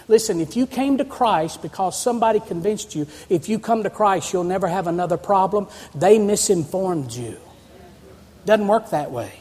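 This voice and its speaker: A man's voice: high-pitched, animated, normal speed, a little mellow. A man preaching a sermon as pastor, calling on the congregation to answer back and turn to scripture. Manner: preaching with call-and-response to the congregation. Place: church sanctuary. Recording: long reverb of a church hall.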